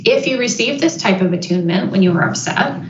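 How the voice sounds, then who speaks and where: A woman's voice: medium pitch, animated, fairly quick, a crowd in the background. Woman teaching a parenting webinar, roomy. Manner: thoughtful, with frequent ums and restarts. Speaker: parenting educator. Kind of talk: webinar presentation. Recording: roomy, slightly dull audio.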